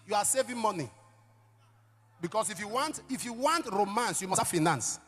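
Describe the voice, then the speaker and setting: Male pastor, sermon delivery; high, very animated pitch, punchy emphatic calls to the room. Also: fairly quick, soft background music. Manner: emphatic preaching with sudden shouts and call-and-response questions.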